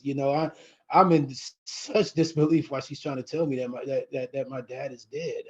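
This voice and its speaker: Halting, husky-voiced man in a lo-fi vlog. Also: medium pitch, steady tone. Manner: halting, many restarts and fillers, tearful. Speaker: vlogger. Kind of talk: personal vlog, emotional recollection.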